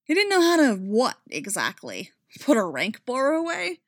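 A woman giving an expressive, dramatic reading of a story. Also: fairly high pitch, moderate pace, no echo, studio quality. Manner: expressive, rising and falling with the drama. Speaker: reader.

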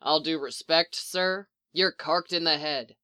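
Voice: mid-range voice, measured pace, pushed and bright, clear, resonant tone. A reader voicing a tired, profane clone soldier captain who bickers with his commander in a told story. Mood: gruff, bantering. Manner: swears a lot, blunt and scrappy. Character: weary soldier clone man, profane, teasing.

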